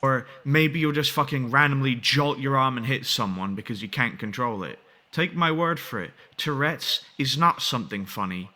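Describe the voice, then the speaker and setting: A man's voice: medium pitch, expressive, normal speed, hardly any pauses, pushed and bright. A man critiquing a YouTuber in a reaction video, blunt and exasperated, swearing heavily.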